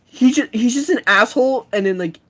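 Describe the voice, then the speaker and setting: A man's voice: extremely high pitch, expressive, brisk, pushed and bright. Rambling man, lots of "like". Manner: rambling, full of "like" and restarts, profane. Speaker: podcast co-host. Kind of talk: casual chat.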